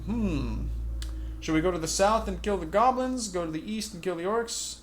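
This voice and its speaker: A man's voice: high voice, expressive, normal speed, music in the background. A man hosting a let's play, reading game text aloud and musing wryly on his choices. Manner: wry, musing.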